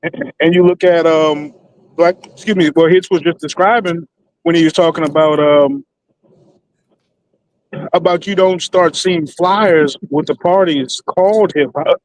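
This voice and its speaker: A man's voice: a little high, steady tone, measured pace, poor audio. A man speaking on an online panel debate, hiccuping and repeatedly excusing himself as he makes his point. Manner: keeps saying excuse me through hiccups.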